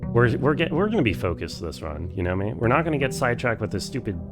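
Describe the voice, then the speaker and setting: A man's voice: medium pitch, big pitch swings, fast talker, music in the background. A man streaming a game for the first time, thinking aloud, swearing freely and chatting with his viewers. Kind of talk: casual live-stream commentary.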